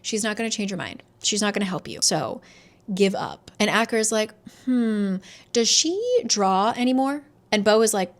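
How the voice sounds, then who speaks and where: A woman's voice: medium pitch, animated, normal speed, faint music behind. A woman casually recapping a romance novel, sarcastic and full of "like", quoting the characters in mock voices. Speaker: book reviewer.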